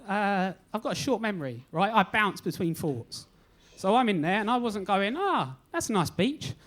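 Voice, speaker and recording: A man's voice: sits high, a bit bright. A young man doing a stand-up comedy set on a club stage, telling self-deprecating stories with a cheeky edge. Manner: cheeky, self-deprecating storytelling with acted-out quotes.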